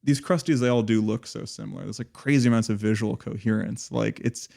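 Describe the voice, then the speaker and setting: Gravelly-voiced man chatting on a podcast. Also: on the low side, steady tone, a little fast, darkish tone. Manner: rambling, with many "like" fillers and restarts. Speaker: podcast co-host. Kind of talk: casual podcast conversation.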